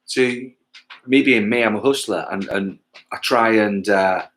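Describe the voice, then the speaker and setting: This English touring musician, hosting a livestream gig, talks casually to viewers between songs in a fairly low, fairly bright voice at a measured pace. He tends to ramble and lose his place, with offhand swearing and jokes aimed at himself.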